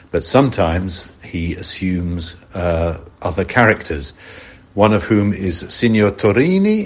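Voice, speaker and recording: Low husky man, easygoing actor. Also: muffled recording. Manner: easygoing, with frequent ums and uhs. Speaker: stage actor introducing his character. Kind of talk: audio introduction to a play.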